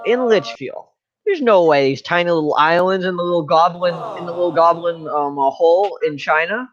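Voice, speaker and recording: A man's voice: on the high side, muffled recording. A man giving a joking class presentation in a slangy, rambling, mock-serious way. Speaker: student presenter.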